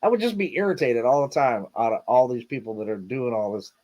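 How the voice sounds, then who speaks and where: A man's voice: mid-range voice, fast talker, a little mellow, lo-fi sound. Rambling laid-back man hosting a livestream. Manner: rambling, repeats himself, lots of fillers. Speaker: livestream host. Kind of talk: casual livestream chat.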